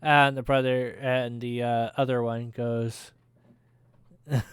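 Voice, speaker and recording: Slow, clear-voiced male game master. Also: medium pitch, flat delivery, dry recording, clean studio sound. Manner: slow, hesitant, many fillers. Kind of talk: narrating a tabletop game.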